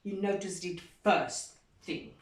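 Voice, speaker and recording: A woman teacher reading a story aloud to children, animated and expressive, pausing to quiz the class. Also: fairly low pitch. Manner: animated, slow and expressive, asks the class questions. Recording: echoey room from far off.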